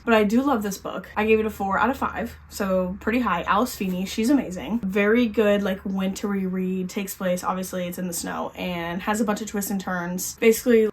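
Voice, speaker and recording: A woman book vlogger races through her reviews in a loose, chatty way. She keeps dropping in little fillers as she goes. Her voice sits at an ordinary middle pitch. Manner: rapid-fire, chatty, lots of "like". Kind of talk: casual chat.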